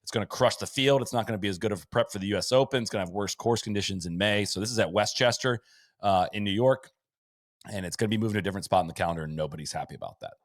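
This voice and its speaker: A man hosting a podcast in casual chat, rattling off lists of stats with quick asides. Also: on the low side, no room sound, studio quality. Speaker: podcast host. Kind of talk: casual chat recapping a sports season.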